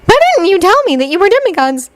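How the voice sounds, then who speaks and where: A woman voicing an eager, bookish teenage girl who fires off excited questions. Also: very high voice, no echo, pitched above the performer's own voice. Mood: intent. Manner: excited rapid-fire questions.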